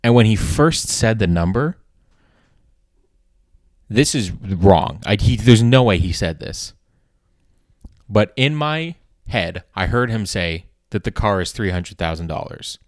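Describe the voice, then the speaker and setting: Low-voiced man telling a rambling story. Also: animated, slow, long pauses, no echo, clean studio sound. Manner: rambling, self-correcting, swears for emphasis. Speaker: podcast host. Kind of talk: casual storytelling.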